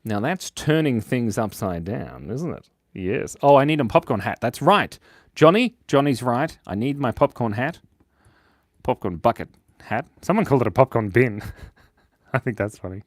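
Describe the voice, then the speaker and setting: A man's voice: mid-range voice, very animated, normal speed, no room sound, studio quality. A man hosting a live drawing stream, chatting playfully and reading out viewers' comments as he draws. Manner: playful, silly, reads chat aloud. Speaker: drawing livestream host.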